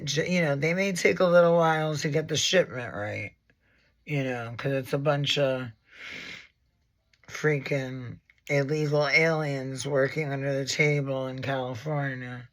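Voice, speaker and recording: A man's voice: a little high, creaky, a bit bright. A man in his forties, a makeup artist and educator, giving a casual makeup tutorial in a sassy, dramatic, rambling way, with lots of asides and swearing.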